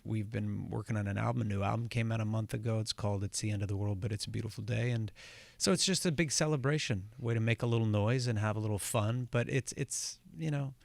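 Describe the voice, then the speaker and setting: A man as a guest on a morning radio show, chatting in a relaxed, rambling way with lots of restarts. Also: on the low side, gravelly, no echo. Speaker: guest musician and actor. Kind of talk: casual radio interview chat. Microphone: studio microphone, dry.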